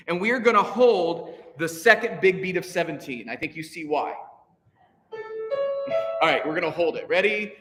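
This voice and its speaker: A man leading a choir rehearsal as conductor, energetic and encouraging, counting the singers in. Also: fairly high pitch, moderate pace, long pauses. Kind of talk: rehearsal instruction. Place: rehearsal room with a piano. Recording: echoey hall with piano.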